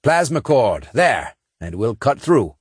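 A man doing a gruff commanding marine sergeant. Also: medium pitch, big pitch swings, takes it slowly, no echo, studio quality, pitched above the performer's own voice, full character voice. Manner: commanding, terse. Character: gruff male gunnery sergeant leader.

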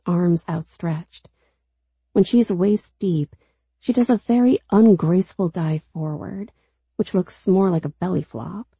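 A woman reading a first-person story aloud in a steady, low-key storytelling manner. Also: creaky, husky, dry recording. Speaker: narrator. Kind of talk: first-person audiobook narration.

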